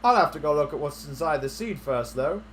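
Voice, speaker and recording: A man voicing a folksy male alien tree keeper from a game, in a raised, loud homespun drawl. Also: on the high side, lively intonation, fairly quick, slight background noise, voice pushed up, close to an everyday voice.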